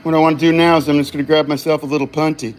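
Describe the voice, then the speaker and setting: A man's voice: fairly high pitch, little pitch movement, racing. A man chatting casually and cursing as he demonstrates glassblowing live to viewers. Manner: rambling, profane, self-distracted. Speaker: glassblowing livestreamer.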